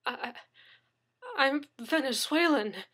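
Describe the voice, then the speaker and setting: A woman's voice: sits high, lively intonation, slow pace, fairly bright tone, voice pushed up, heavily acted. A woman voicing a terrified young man who stammers and sobs while pleading at gunpoint. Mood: panicked. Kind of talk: audiobook reading.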